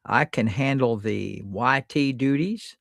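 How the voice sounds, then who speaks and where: A man's voice: medium pitch, takes it slowly, creaky, a bit bright, no echo, clean studio sound. A man hosting a live-stream legal Q&A, blunt and emphatic, repeating words for stress. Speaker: host.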